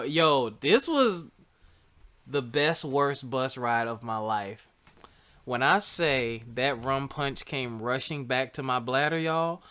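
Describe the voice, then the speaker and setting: Male podcast host, 30s, bright tone, casual self-mocking storyteller. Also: mid-range voice. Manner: laid-back, chatty, jokes at himself.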